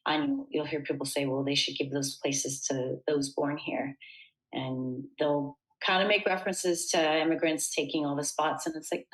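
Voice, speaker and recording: A woman with a notably low voice talks as a guest in a casual interview. She is from the United States and speaks earnestly and thoughtfully, often pausing on fillers as she gathers her thoughts. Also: steady tone, poor audio.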